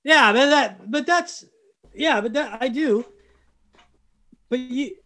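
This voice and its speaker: A high-voiced Canadian man, a sitcom cast member appearing as a guest, chats casually at a slow pace. He's lively and animated, restarts his sentences often and chuckles through his points.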